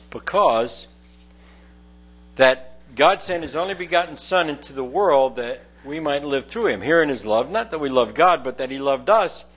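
A man's voice: mid-range voice, fairly bright tone, breathy edge. A man preaching a verse-by-verse sermon from a lectern, earnest and emphatic, repeating key phrases. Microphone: lectern microphone. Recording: mains hum in background.

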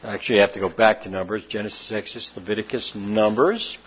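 A man preaching a conversational sermon, animated and jumping up in pitch for emphasis. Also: fast, a little hiss or hum. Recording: dull lo-fi recording.

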